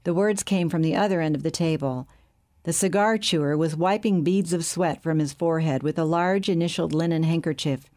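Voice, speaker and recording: A woman reads an audiobook chapter in a steady, measured way. Her voice sits a little low for a woman. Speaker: audiobook narrator. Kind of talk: scripted narration.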